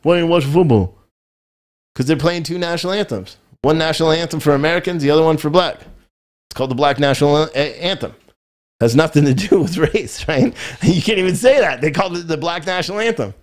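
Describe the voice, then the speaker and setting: A man's voice: a little high, fairly quick. A man hosting a live political commentary show, talking in a frustrated, rambling way and often repeating himself. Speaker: podcast host.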